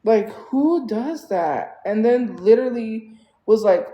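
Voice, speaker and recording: A woman's voice: medium pitch, lively intonation, a little slow, mellow, roomy sound, lo-fi sound. A woman livestreaming, venting in a casual, exasperated way with lots of fillers.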